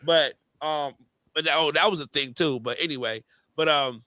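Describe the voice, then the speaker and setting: A man's voice: on the high side, moderate pace, bright, forceful tone, no echo. A man hosting a podcast, telling stories in casual chat with heavy slang and fillers. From New York area. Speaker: podcast host.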